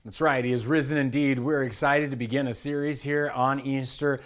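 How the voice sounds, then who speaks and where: A middle-aged man preaching a sermon as pastor, energetic and conversational, with lively asides. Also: medium pitch, fairly quick. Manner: energetic, conversational, acts out his kids' whiny voices. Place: church.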